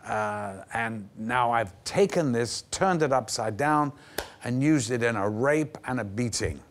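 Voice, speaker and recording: Older man telling lively anecdotes. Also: medium pitch, measured pace. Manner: lively raconteur who acts out the voices in his stories. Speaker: actor guest. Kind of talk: anecdotal interview storytelling. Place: television studio.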